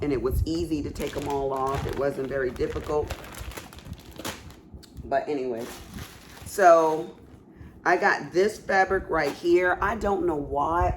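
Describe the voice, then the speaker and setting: Woman, craft haul vlogger, has a cough, chatty and exclaiming, slow pace. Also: sits low, a little hiss or hum. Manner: chatty, exclaiming and talking to viewers. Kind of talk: casual chat.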